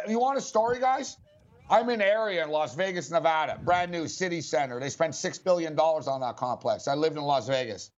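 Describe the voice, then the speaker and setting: Man, sports talk host, high-ish voice, animated storyteller, muffled lo-fi recording. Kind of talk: casual storytelling chat. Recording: dull lo-fi audio.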